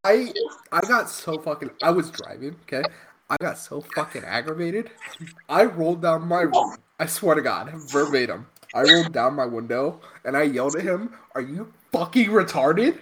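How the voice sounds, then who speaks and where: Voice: mid-range voice, animated, normal speed, noisy background. A podcast co-host telling a road story casually, profane and exasperated.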